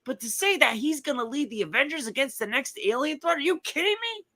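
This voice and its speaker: A man putting on the voice of a blustering sports-radio host who rants and shouts in indignation. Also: very high voice, lively intonation, fast talker, voice pushed up, full character voice. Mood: ranting.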